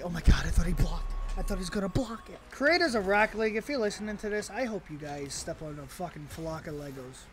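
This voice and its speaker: At his home computer, a young man comments on his own gameplay, ranting and swearing as he mocks himself and his opponents. His voice is high and quick with few pauses, and there's slight background noise. The outbursts are excitable, profane, and self-mocking.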